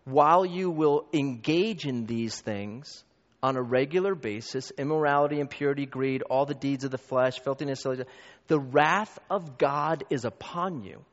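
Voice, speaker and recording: A man preaching a sermon as pastor, emphatic and building to loud peaks, with quick asides to the congregation. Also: medium pitch. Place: church hall. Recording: long reverb, dull lo-fi.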